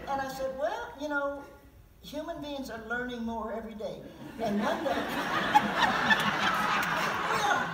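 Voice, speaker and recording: A woman in her seventies with a slightly high voice tells stories and reads her poems to an audience in an auditorium at a public event. She's candid and chuckles through asides, and the recording is very noisy and roomy, captured by a distant mic.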